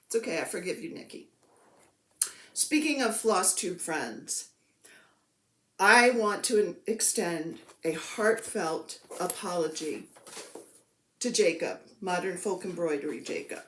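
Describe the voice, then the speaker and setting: A woman's voice: lowish voice, unhurried, long pauses, a bit bright, slight background noise. A woman in her fifties chatting to camera about her crafts, self-mocking and playful, recorded at home. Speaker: craft vlogger. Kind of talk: casual chat to camera. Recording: echoey room.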